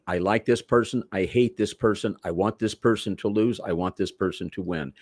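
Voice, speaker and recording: A man from Manchester, England, telling rambling, animated stories as a wrestler guest in an interview. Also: fairly low pitch, dry recording, studio quality. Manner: rambling, animated, self-correcting storyteller. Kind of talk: interview storytelling.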